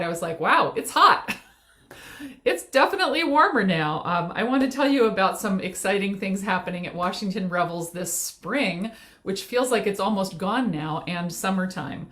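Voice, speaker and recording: A woman co-hosting an online sing-along, chatting through upcoming events with many ums. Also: fairly low pitch. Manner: chatty, with many fillers and a light laugh. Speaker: co-host. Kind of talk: casual announcements.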